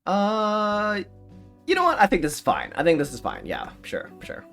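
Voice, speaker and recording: A man's voice: fairly high pitch, wildly swooping pitch, fast, gravelly, a bit bright, soft background music. A young man streaming live, chatting casually in a rambling, self-mocking way and laughing often. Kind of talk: casual livestream chat.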